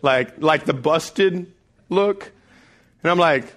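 A man in his thirties preaching a sermon, telling family stories with animated delivery and acted-out voices. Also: on the high side, slow. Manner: animated storytelling, acts out voices. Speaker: pastor.

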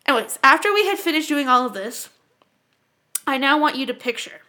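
Podcast co-host, young woman from Canada, high and bright voice, swears freely, acts out every voice in her stories. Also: fairly quick. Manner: animated, profane, acts out voices. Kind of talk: casual storytelling chat.

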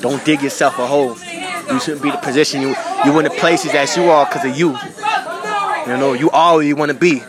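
A man's voice: on the high side, fairly even intonation, a little fast, a loud crowd. A man with a New York accent, talking casually and motivationally on a live stream in loose slang.

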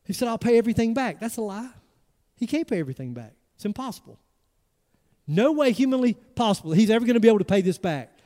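A man, preaching with animated emphasis. He fires off rhetorical questions at his congregation. His voice carries a long hall reverb from a church sanctuary. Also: sits high, fast talker. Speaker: pastor. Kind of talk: sermon.

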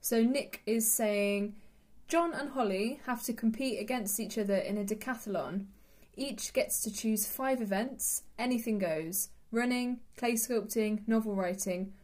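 Female podcast co-host, teasing and playful, quick with jokes in casual chat. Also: fairly high pitch, darkish tone.

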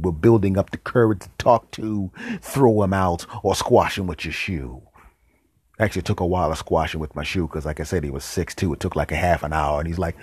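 A man hosting a podcast, telling an absurd comedic story in a deadpan, rambling way and switching into voices for the characters. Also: sits low, slightly rough, no echo. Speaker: podcast host.

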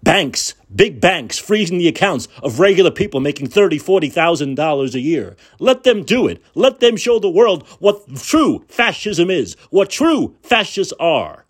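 A man's voice: fairly high pitch, big pitch swings, unhurried, few pauses, slightly rough. A man hosting a podcast, delivering an angry, profane, sarcastic political rant and repeating words for emphasis. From United States. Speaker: podcast host.

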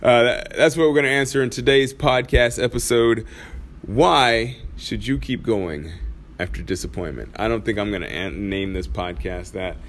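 A man's voice: on the low side, normal speed. A man hosting his own podcast from a studio, talking casually, using slang and laughing often. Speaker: podcast host.

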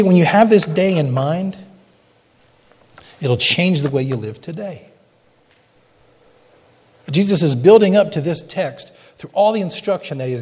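A man's voice: a little high, breathy edge. Preaching man in a reverberant hall. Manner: preaching with rising emphatic delivery, reading scripture aloud. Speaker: pastor. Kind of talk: sermon.

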